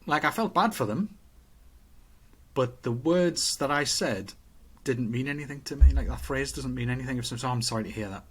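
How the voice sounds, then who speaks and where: A man's voice: mid-range voice, normal speed, a bit bright, slightly rough. A man co-hosting a podcast in casual chat, thinking aloud in a rambling, self-questioning way, full of restarts. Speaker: podcast co-host.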